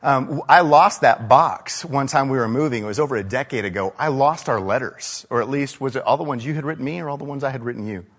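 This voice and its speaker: A man preaching a sermon in a large church hall, his voice trailing off in a long reverb. He talks casually and tells stories, asking the listeners questions as he goes. His pitch sits in the middle range for a man. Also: quick pace, hardly any pauses, a bit bright, slightly rough. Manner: conversational, storytelling, with frequent rhetorical questions. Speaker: pastor.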